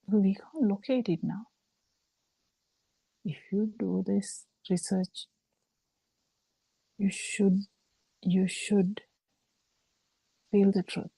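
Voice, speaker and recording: Sri woman teaching dharma, very dark husky voice, slow. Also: medium pitch, steady tone, no room sound, low-quality recording. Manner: slow, halting explanation with frequent fillers. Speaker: Buddhist teacher. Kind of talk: dharma talk on a video call. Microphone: video call.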